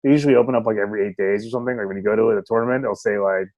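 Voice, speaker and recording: A man's voice: on the low side, fairly even intonation, very fast, a little mellow, no echo. Rambling man co-hosting a podcast. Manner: rambling, laughs often, many restarts. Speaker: podcast co-host. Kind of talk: casual chat. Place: home, remote call.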